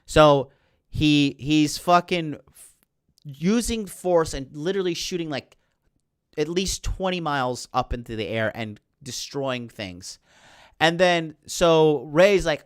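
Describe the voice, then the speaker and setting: Male podcast host, animated profane ranter, clear higher voice. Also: takes it slowly, no room sound, studio quality. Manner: animated, indignant, heavy swearing and fillers. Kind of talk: casual profane movie recap.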